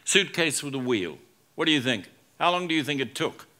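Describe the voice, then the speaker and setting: A man's voice: medium pitch, sing-song, fairly quick, pushed and bright. A man, a business school professor, giving a humorous conference talk to a live audience, telling stories and acting out quoted lines. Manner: storytelling, acts out quoted lines, jokes with audience.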